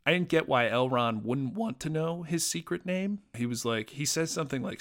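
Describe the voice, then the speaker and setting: A man's voice: fairly high pitch, expressive, normal speed, a bit bright. A man talking casually as a podcast host, reviewing a TV episode as an enthusiastic fan, with fillers and restarts.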